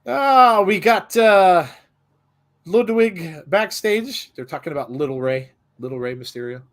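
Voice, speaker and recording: A man's voice: high voice, expressive, a little slow, fairly bright tone. A young man hosting a live watch-along, talking casually and rambling, with stammered restarts as he gives his commentary.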